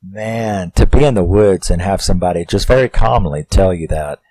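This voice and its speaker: Low-voiced man recapping a horror film. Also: moderate pace, dark tone, dry recording, rough recording. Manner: rambling, profane, self-questioning asides.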